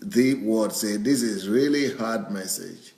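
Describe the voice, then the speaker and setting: Man, pastor, low voice, reads viewer comments aloud, chuckles a lot, echoey room. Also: takes it slowly, a little mellow. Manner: chuckles often while reading. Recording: roomy echo.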